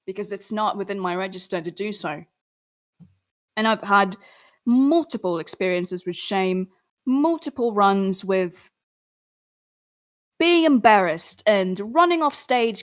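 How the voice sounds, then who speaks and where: A young adult woman speaks in a relaxed, conversational way. She is earnest and encouraging, like a singer cheering on her listeners. Her pitch sometimes jumps up when she gets animated. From Philippines. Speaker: singer and artist answering fans. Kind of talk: casual livestream chat.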